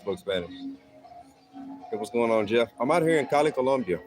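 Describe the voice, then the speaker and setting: A man's voice: mid-range voice, animated, fairly quick, over music, rough recording. A middle-aged man hosting a casual livestream from home, chatting with viewers in a laid-back, rambling way and often saying "man.". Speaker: livestream host. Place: at home in a hot city neighborhood.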